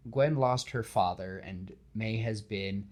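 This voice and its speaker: A man hosting a podcast, casually pitching a film scene with animated storytelling and lots of fillers. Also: takes it slowly. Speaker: podcast host.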